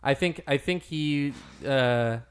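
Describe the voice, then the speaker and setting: A man's voice: medium pitch, slow pace, clear, resonant tone. A man hosting a podcast in casual chat, joking around and riffing on silly bits. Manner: jokey, goofs around with bits and laughter. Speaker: podcast host.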